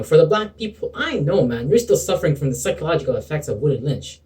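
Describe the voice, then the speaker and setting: A man's voice: medium pitch, very animated, quick pace, darkish tone, recorded from a distance, low-quality recording. A man giving an impassioned spiritual pep talk to camera, preachy and sometimes sarcastic, calling the listener bro and man. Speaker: motivational video preacher.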